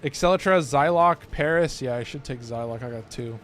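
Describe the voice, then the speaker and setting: Fairly quick and a bit bright at medium pitch, this Californian-accented man keeps up casual live-stream chat while gaming, loose, joking and frequently swearing. Slight background noise is present.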